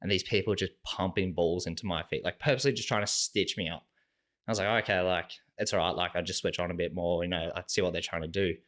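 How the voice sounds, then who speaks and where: A man's voice: low-pitched, fast talker. A young Australian man, a podcast guest, casually telling stories and acting out what people said, with "like" in nearly every sentence. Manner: relaxed, animated storyteller acting out quoted dialogue, heavy use of "like". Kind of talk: casual storytelling chat.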